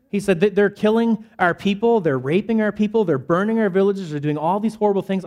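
A man's voice: high-pitched, fairly quick, few pauses, darkish tone. A man preaching a sermon to a church congregation in a casual, conversational way, often asking "right?" and "okay?" as he goes. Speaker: pastor. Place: church hall.

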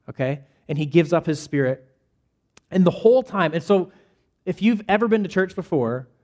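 A man's voice: on the high side, darkish tone. A man preaching a sermon to a church congregation in a casual, conversational way, often asking "right?" and "okay?" as he goes. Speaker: pastor. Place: church hall.

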